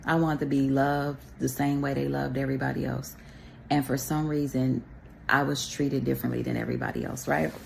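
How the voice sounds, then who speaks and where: A woman's voice: a bass voice, flat delivery, a little fast, creaky, slight background noise. A woman from Texas speaking to a camera, sharing a personal faith testimony in a rambling, conversational way with pious asides.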